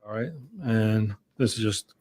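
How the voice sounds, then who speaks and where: A man questioning a witness in court with brisk, leading questions. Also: fairly low pitch, fairly even intonation, darkish tone. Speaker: attorney.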